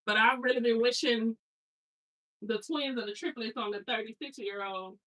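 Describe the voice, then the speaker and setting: A woman's voice: on the high side, moderate pace, a bit bright, rough recording. A woman in her thirties, a hair stylist, chatting casually and telling rambling family stories with slangy asides while she unpacks. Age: 30s.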